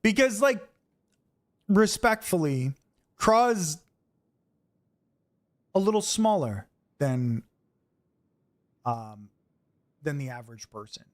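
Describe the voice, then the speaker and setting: A young New man chats with his stream audience while he plays. His voice sits a little high, and his storytelling runs loose and profane. It climbs in energy whenever he acts out an argument. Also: slow, pauses often. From New York. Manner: animated, profane, gets loud when retelling confrontations. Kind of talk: casual storytelling to live chat.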